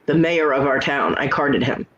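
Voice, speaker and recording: A woman in her forties hosts a relaxed chat show. She spins long personal stories in a loose, rambling way. She brings the back-and-forth of old conversations to life as she tells them. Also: very deep voice, normal speed, lo-fi sound. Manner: chatty storyteller who acts out quoted exchanges. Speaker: host. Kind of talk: casual chat.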